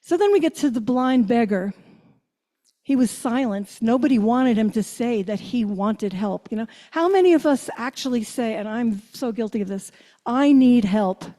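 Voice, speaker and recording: An older woman minister giving a reflective sermon, asking her listeners questions and slowing down on key phrases. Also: fairly high pitch, animated, dark tone. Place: church sanctuary. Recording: long church reverb.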